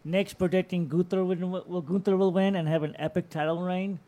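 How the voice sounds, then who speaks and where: A man on a podcast panel who makes quick, confident predictions. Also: sits high, steady tone, warm tone. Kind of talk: casual podcast chat.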